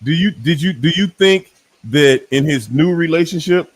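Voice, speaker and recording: A man on a casual panel, asking a question haltingly with several restarts. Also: a little high, expressive.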